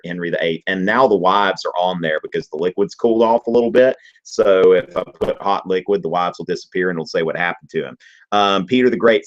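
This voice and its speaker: A man hosting a live history Q&A, explaining in an animated, joking, digressive way. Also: on the low side. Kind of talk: casual live-stream lesson. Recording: dull lo-fi stream audio.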